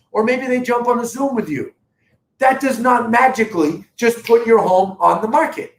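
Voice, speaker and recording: A man hosting a live real estate update, talking emphatically and directly to viewers. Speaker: real estate broker host. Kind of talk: live-streamed market update. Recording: echoey room with faint rumble.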